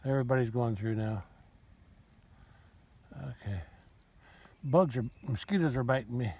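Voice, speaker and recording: A man's voice: mid-range voice, measured pace, breathy edge, dull audio. A man farming outdoors in a pasture, casually narrating his work and chatting aloud to his cattle in a rambling way. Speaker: farmer. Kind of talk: casual self-narrated vlog.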